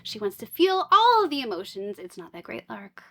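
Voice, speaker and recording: Woman book vlogger, casual unboxing chat, sarcastic asides, higher voice with a sharp edge. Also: wildly swooping pitch, normal speed. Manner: chatty, wry asides and sarcastic jokes.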